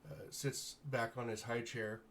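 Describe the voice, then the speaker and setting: Slow, halting tabletop game master. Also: male voice, medium pitch, fairly even intonation, a little hiss or hum. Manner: halting, unscripted narration with self-corrections.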